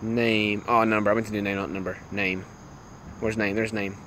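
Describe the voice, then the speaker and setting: A young man casually chatting with viewers on a livestream while playing a phone game, excitable and laughing often. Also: lowish voice, normal speed, a little hiss or hum. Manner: excitable, laughs a lot, greets chat viewers. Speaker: livestream gamer.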